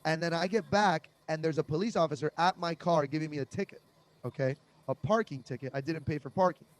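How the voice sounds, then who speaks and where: A young man doing a conversational comic monologue, deadpan and absurd, with lots of fillers, over a video call. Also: fairly high pitch, brisk. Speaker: comedian. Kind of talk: stand-up style comic monologue.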